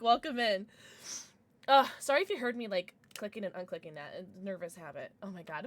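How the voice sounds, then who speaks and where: A woman's voice: mid-range voice, sing-song, moderate pace. A young woman livestreamer chatting casually with her viewers, giggly and rambling, with lots of restarts and fillers.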